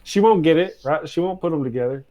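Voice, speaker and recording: A man's voice: on the high side, lively intonation, fast talker, warm tone, muffled recording. A man from Texas talking as a guest in a casual group chat, playful and self-mocking, often laughing. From Texas, USA.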